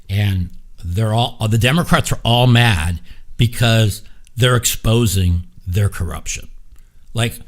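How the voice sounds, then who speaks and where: A man hosting his own podcast, giving blunt, profane, rambling opinions in a casual chat. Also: lowish voice. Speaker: podcast host. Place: streaming with a live chat.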